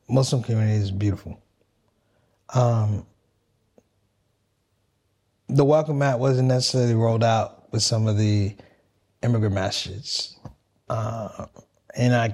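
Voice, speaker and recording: American man, comedian guest, earnest reflective storytelling, repeats himself, mid-pitched voice. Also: a little mellow. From United States. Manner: earnest, repeats words, calls people man.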